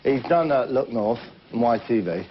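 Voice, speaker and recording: A man's voice: medium pitch, expressive, moderate pace, a crowd in the background. A man hosting a comedy show, spinning cheeky tall tales and talking straight to the audience. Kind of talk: stand-up monologue in character. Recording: muffled old TV recording with hiss.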